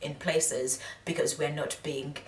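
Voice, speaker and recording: A young woman vlogging casual commentary, lively and laughing, breaking into high mimicking voices. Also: slow, recorded from a distance. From England. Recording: echoey room, voice off-mic.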